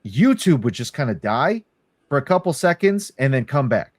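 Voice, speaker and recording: A man's voice: medium pitch, very animated, moderate pace, no room sound. A young man, chatting casually as a podcast co-host, rambling and swearing between laughs. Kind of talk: casual chat.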